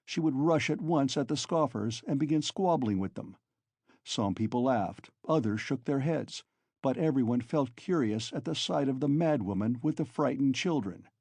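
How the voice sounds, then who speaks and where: A man narrating a classic novel for an audiobook in a steady, measured way. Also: medium pitch, husky, no room sound. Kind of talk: scripted literary narration.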